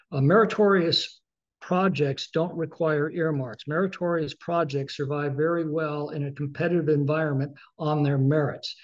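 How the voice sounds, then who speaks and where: Measured man with frequent fillers. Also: on the high side, darkish tone, lo-fi sound. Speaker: congressman. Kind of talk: interview answers.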